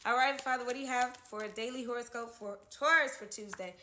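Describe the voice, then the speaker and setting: A woman's voice: a little high, fairly quick, pushed and bright, roomy sound, a little hiss or hum. A woman giving a casual tarot horoscope reading, chatty, who keeps checking in with "okay?" at the end of her lines. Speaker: tarot reader.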